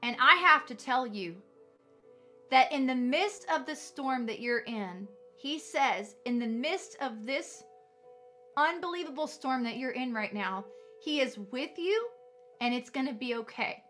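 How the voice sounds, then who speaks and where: A woman preacher with a high, bright voice tells her testimony at an unhurried pace. Her delivery is fervent and emphatic, stretching out key phrases for effect. Soft music plays faintly behind her. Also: expressive. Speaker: ministry leader. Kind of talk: testimony sermon.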